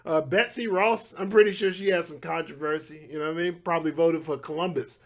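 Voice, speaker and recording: A man's voice: high-pitched, fast talker, few pauses. A man in his thirties hosting his own podcast, talking casually with laughing asides and frequent restarts. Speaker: podcast host. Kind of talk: casual solo commentary.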